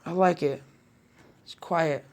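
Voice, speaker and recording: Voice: medium pitch, fairly even intonation, slow pace. Awkward polite teen boy ninja, casual joking manner, plain everyday voice, as a narrator puts him on. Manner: casual, joking, slightly flustered. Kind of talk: fan story narration with voices.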